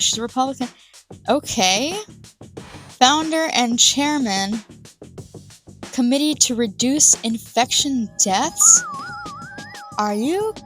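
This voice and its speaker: A young woman vlogger giving indignant, sarcastic reaction commentary, sometimes drawing words out slowly for emphasis. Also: high-pitched. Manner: pauses to over-stress words slowly.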